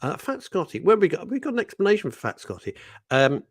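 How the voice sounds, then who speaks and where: Give me a man hosting radio, chatty and teasing, with a very animated pitch. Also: fast talker, slightly rough, no room sound, clean studio sound. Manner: playful, teasing, laughs often, reads out messages in put-on voices. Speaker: radio host. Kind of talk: casual radio chat. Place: radio studio.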